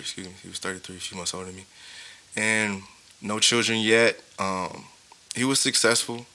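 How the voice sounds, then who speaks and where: A man's voice: lowish voice, pushed and bright. A man in his thirties, a podcast host, telling a painful personal story in a casual, heartfelt way, with many fillers. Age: 30s. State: tearful, grieving.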